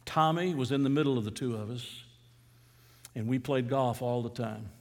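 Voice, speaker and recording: A man's voice: mid-range voice, moderate pace, a little mellow, long reverb tail. A middle-aged man from Atlanta, preaching a sermon as a pastor in a conversational, storytelling way with fervent emphasis. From Atlanta, USA.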